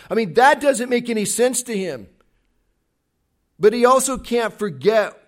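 Pastor guy preaching, earnest and emphatic, goes quiet sometimes, voice a bit high. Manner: earnest, emphatic preaching with sudden hushed drops. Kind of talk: sermon.

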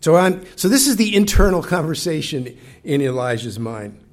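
A man's voice: fairly high pitch, very animated, moderate pace. A male preacher giving a sermon in a reflective manner, often asking his listeners questions directly. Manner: reflective, talks directly to the congregation.

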